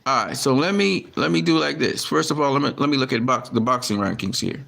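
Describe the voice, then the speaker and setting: A man's voice: medium pitch, expressive, fairly quick, creaky, fairly bright tone. A man talking casually to his camera about boxing, often frustrated and swearing, with lots of restarts and fillers. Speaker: boxing commentary vlogger.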